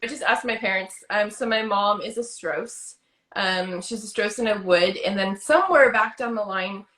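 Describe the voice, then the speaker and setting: A woman's voice: medium pitch, a bit bright. A middle-aged woman co-hosting a podcast in easygoing, giggly casual chat over a video call. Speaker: podcast co-host.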